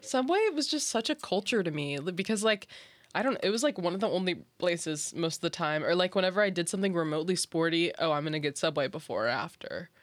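A young woman with a fairly low voice hosts a casual podcast, rambling through stories and laughing as she goes. The sound is dry, close and free of room echo. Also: lively intonation, quick pace. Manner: rambling storyteller, chatty and laughing. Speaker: podcast host.

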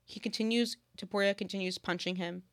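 A young woman talking about sports with a friend in casual chat. Her voice sits at an ordinary middle pitch. She rambles quickly and leans heavily on filler words. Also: fairly even intonation. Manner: rambling, fast, heavy "like" filler.

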